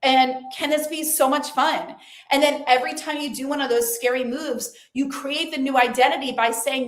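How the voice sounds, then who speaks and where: A woman's voice: high voice, fairly even intonation, normal speed, roomy sound. A woman giving an earnest, chatty motivational talk to camera, full of fillers, sometimes dropping to a near whisper. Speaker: lifestyle and faith vlogger.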